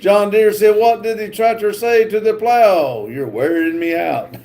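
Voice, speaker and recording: Slow, high-voiced man reading chat. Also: a little mellow, a little hiss or hum. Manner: halting, many filler pauses while reading comments. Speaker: livestream host. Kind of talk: reading viewer chat aloud on a livestream.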